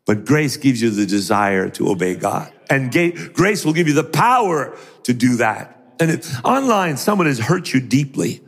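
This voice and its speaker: A man's voice: mid-range voice, measured pace, big-room sound. A middle-aged man preaching a sermon who acts out the voices of the people in his stories. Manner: animated, acts out voices in quotes.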